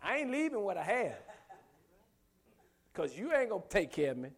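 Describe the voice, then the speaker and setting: A man's voice: high voice, very animated, normal speed, slightly rough. A man preaching a sermon with emphatic rhetorical questions and humorous asides. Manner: humorous asides, laughs often.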